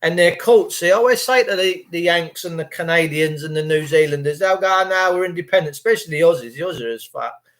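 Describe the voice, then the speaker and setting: Brief: English male streamer, jokey and crude, slightly higher voice. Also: brisk, fairly bright tone. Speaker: livestream host reading chat. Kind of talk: rambling casual monologue.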